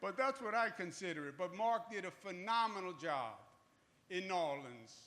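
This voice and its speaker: A man's voice: sits high, expressive, moderate pace, a bit bright. A man in his sixties with a New York accent, giving a public speech as a state governor, emphatic and repetitive with joking asides. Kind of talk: public speech at a groundbreaking event. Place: outdoor event in Harlem.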